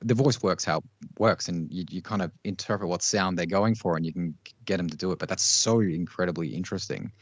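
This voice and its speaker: A man with an Australian accent, a vocal coach, chatting in a relaxed, agreeable way and often chiming in. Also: low voice, no echo. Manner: relaxed, agreeable, with quick affirmations. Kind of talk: casual chat between vocal coaches.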